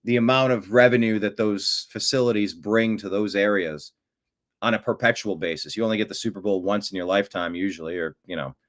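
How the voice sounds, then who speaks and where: A man hosting a talk show, giving rambling, opinionated political commentary that swings from mutters to loud outbursts. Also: fairly low pitch, brisk.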